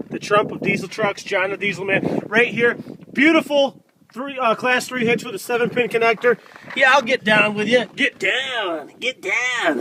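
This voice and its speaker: A man giving a loud, excitable, folksy sales pitch outdoors while walking around a truck for sale. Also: slight background noise. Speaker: used truck dealer. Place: outdoors by a truck in freezing cold. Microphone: handheld camera filmed by a helper.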